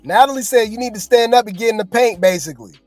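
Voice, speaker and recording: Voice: mid-range voice, fast talker, faint music behind. A host giving casual, slangy reaction commentary, chatting and joking with viewers.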